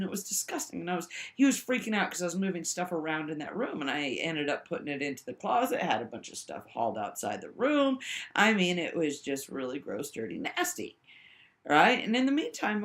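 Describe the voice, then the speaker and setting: A woman telling a rambling personal story to the camera, swinging between high exclaims and low mutters and often checking in with the listener. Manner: keeps checking in with the listener with "right?".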